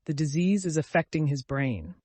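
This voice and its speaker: A man voicing a calm, matter-of-fact old doctor in an audiobook. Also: fairly high pitch, moderate pace, no room sound. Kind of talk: audiobook character voice.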